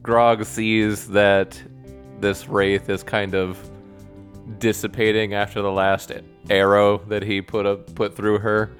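A man's voice: lowish voice, little pitch movement, slow, soft background music. A man playing in a tabletop game, casual, joking and blunt. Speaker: player.

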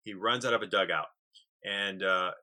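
A man's voice: deep voice, moderate pace, sharp tone. A man co-hosting a casual talk show, telling a story earnestly and often repeating words as he starts a sentence. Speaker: podcast co-host.

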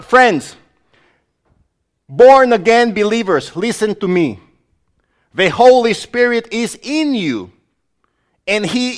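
A male pastor delivers a sermon in a noticeably high voice. He is emphatic and exclamatory and keeps speaking straight to his listeners. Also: a bit bright.

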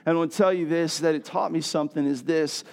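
A middle-aged man preaching a sermon, telling a personal story and building to loud, emphatic passages. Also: a little high, fairly even intonation, quick pace, gravelly. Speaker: pastor.

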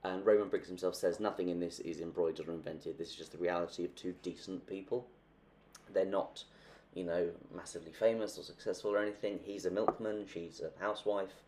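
A young man co-hosts a casual book podcast, chatting away and acting out the characters he quotes as he tells their stories. His low voice is a little mellow, with fairly even intonation and a fairly quick pace, over slight background noise.

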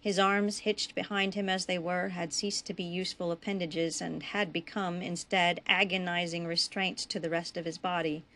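A woman reading her own western story aloud in a measured, even narration. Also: fairly low pitch.

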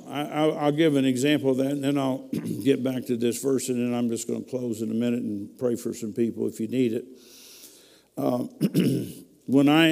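A man's voice: medium pitch, dark tone. A man preaching a personal testimony in a folksy, emotional storytelling way, speaking in a church hall. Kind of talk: testimony sermon.

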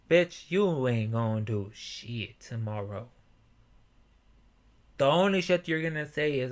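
A young man hosting a motivational podcast alone, swearing a lot and breaking into loud yelling. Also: medium pitch, slow pace, pauses often. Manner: profane, animated, bursts into yelling. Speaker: podcast host.

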